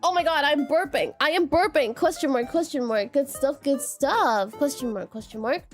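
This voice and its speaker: A woman's voice: high voice, faint music behind. A woman streamer in casual live chat, rambling about animals while reading chat aloud and greeting viewers. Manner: rambling, reads chat aloud, repeats "question mark"; animated, quick laughs and bursts of excitement.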